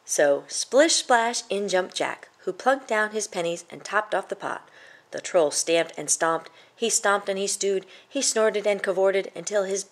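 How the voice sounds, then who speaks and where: Woman reading a picture book with a gravelly voice. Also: medium pitch, a little slow. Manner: playful sound words.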